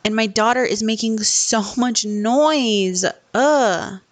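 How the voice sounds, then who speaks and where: A woman's voice: on the high side, takes it slowly. A young woman and mother chatting casually at home into a laptop mic, rambling with lots of "like" fillers. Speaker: mom vlogger. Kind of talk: casual chat. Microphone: laptop microphone.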